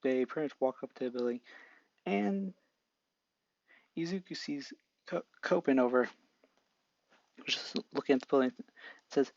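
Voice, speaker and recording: A young man narrating an improvised fan story in a halting, casual way with many restarts. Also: medium pitch, expressive, a little mellow, no room sound. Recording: dull lo-fi mic.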